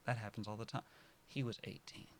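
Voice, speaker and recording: A man in his early twenties talking casually to his viewers, rambling and correcting himself, dropping to soft mutters and then bursting out loud. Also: on the low side, fairly even intonation, a little fast, slight background noise. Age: early 20s. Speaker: vlogger. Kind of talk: casual personal monologue to camera.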